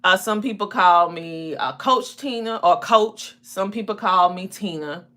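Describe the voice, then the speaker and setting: Bright-voiced Southern woman chatting. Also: medium pitch, unhurried. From South Carolina. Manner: lively, chatty, greets viewers by name. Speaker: live stream host. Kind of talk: casual live-stream chat.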